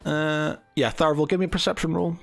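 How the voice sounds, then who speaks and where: Male game master, halting narrator who restarts often. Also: on the high side, flat delivery, creaky, soft background music. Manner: hesitant, full of fillers and restarts.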